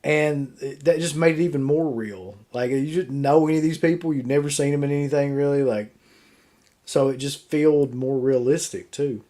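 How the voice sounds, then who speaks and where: A man with a slightly high voice talks horror films in a loose, opinionated way, tossing in casual swearing. He keeps an easygoing pace and chimes in often with short agreements. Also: moderate pace, warm tone. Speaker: co-host of a horror movie show. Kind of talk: casual chat reviewing a ranked list.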